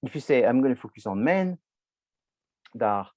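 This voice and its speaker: A man's voice: medium pitch, lively intonation, normal speed, a little mellow, no echo, low-quality recording. A man lecturing a university marketing class, explaining loosely with many restarts and filler words, addressing students directly.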